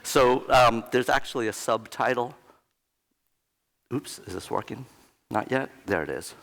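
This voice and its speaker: A man's voice: medium pitch, unhurried, fairly bright tone. A middle-aged man with a cold, giving a conference talk in a chatty way, with joking asides. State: has a cold. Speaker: conference speaker. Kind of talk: conference presentation. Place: conference hall. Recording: echoey conference hall.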